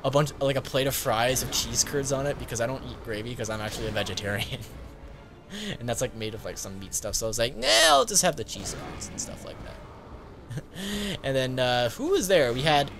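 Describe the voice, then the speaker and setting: A gaming YouTuber tells a casual story-time vlog over music, rambling along with lots of fillers and quick laughs. His voice is mid-range.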